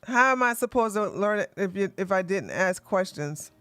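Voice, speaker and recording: A man's voice: high voice, expressive, moderate pace, sharp tone, clear, resonant tone, no echo. A man hosting a livestream, ranting combatively and mocking his opponents with heavy profanity and repetition. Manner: repeats lines for emphasis, laughs scornfully. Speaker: livestream host. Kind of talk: livestream commentary rant.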